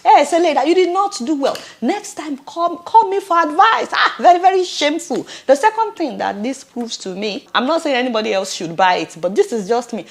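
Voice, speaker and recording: A woman with a Nigerian accent hosting casual political commentary, teasing and animated, laughing often. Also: extremely high pitch, fairly quick, hardly any pauses. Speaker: commentary host.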